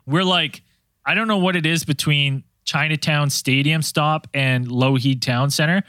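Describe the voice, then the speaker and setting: Guy with a bright punchy voice telling a wild story to his buddies, super dramatic, acts it all out, dry close mic. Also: on the high side, unhurried, dry recording. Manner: animated, dramatic retelling with acted-out panic and laughter. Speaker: podcast co-host. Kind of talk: comic storytelling among friends.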